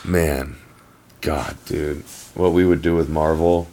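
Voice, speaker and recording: A man's voice: very deep voice, fairly even intonation, takes it slowly, warm tone. A man co-hosting a podcast over a remote call, ranting and swearing in casual chat and mocking people in put-on voices. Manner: profane, ranting, mocking impressions. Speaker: podcast co-host. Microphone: remote call mic.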